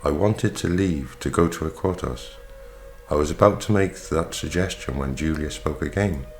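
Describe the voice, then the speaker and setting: A man narrating an audiobook in the first person, with a steady, measured reading. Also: very deep voice. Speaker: audiobook reader. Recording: reading over faint background music.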